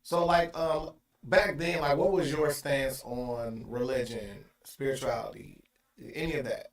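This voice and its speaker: A man's voice: mid-range voice, unhurried, gravelly. A man hosts a podcast, posing laid-back, slangy questions in a mid-range voice. The room around him rings with noticeable echo. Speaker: podcast host. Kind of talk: casual interview questions. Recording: echoey room.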